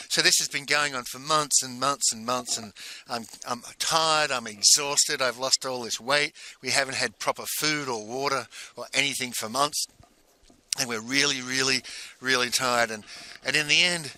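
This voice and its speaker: A man coaching in a monologue, telling a personal story in a halting way and repeating phrases for emphasis. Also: mid-range voice, pushed and bright. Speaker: business coach.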